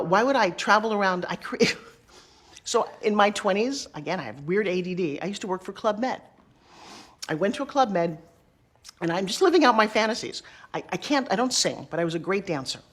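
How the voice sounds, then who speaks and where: A middle-aged woman telling career stories in an interview, acting out the dialogue with quick asides. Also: on the low side. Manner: lively, acts out quoted dialogue, quick asides. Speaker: interview guest. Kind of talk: animated storytelling.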